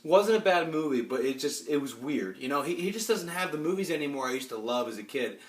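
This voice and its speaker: A man's voice: a little high, expressive, brisk. A man in his twenties ranting casually and bluntly to a phone camera, rambling and restarting his sentences. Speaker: movie vlogger. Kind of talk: casual opinionated rant. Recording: roomy echo.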